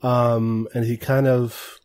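A man at mid pitch acts as game master for a tabletop game. He explains rules and describes scenes casually, often restarting his sentences. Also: little pitch movement, takes it slowly, a little mellow.

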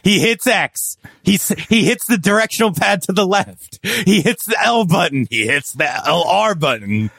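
A man's voice: sits high, moderate pace, gravelly, hardly any pauses, breathy edge, no echo. Jokey man with sardonic quips. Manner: sardonic jokey quips, dry deadpan asides. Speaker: podcast co-host. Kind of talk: casual recap chat.

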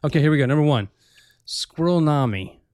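A man's voice: on the high side, animated, fairly quick, darkish tone, no echo, studio quality. A man hosting a radio show in casual chat, joking and rambling, breaking off his own sentences. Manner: joking, rambling, self-interrupting.

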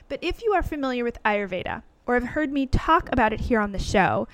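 Woman, podcast host, lively and opinionated, wry asides, fairly high voice, dry close sound. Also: clear, resonant tone, no room sound. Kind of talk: casual monologue.

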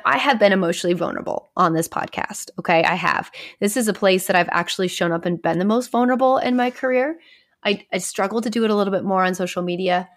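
A woman in her thirties talks on her own podcast in a loose, candid, conversational way. She is a therapist and speaks at a middle pitch. At times she drops to a hushed near-whisper. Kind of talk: casual solo podcast talk.

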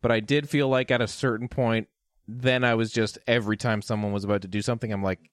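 A man casually reviewing a film with a friend, animated, laughing often and swearing. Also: lowish voice, fast, dry recording, studio quality. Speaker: podcast co-host. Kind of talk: casual movie review chat.

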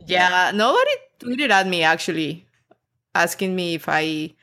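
Bright-voiced woman. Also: on the low side, animated, measured pace. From Colombia. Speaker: podcast co-host. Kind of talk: casual chat.

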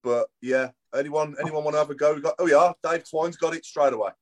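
A man's voice: fairly high pitch, fast, a little mellow. A man hosting a podcast, explaining a game segment in an upbeat, casual way. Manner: explaining, upbeat, laughs along. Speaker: podcast host.

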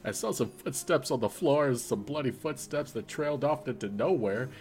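A man's voice: mid-range voice, animated, normal speed, a little mellow, close to an everyday voice. A man playing a nervous, stammering henchman. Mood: evasive. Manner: hesitant, full of "uh", wheedling. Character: shifty male henchman, evasive and eager to please.

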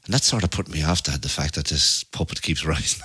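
A man's voice: extremely low pitch, a little fast, bright, forceful tone, slightly rough. A man chatting casually with his father, asking prompting questions. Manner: prompting questions, brief affirmations. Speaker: interviewer, son of the guest. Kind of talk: casual chat.

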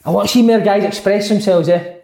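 High-voiced Scottish man in an echoey room. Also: fairly quick, creaky, warm tone. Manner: chatty, leading the talk. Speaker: podcast host. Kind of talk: casual football chat.

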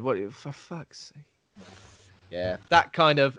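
A man's voice: mid-range voice, big pitch swings, slow pace, background noise. A man co-hosting a casual film chat, joking and slipping into silly voices. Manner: jokey, slips into silly voices. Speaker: podcast co-host.

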